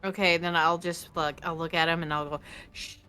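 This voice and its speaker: A woman playing a tabletop game, speaking hesitantly with many pauses and fillers. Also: on the low side, fairly even intonation, pushed and bright, clear, resonant tone, soft background music. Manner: hesitant, many ums and uhs. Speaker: player. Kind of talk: casual tabletop play.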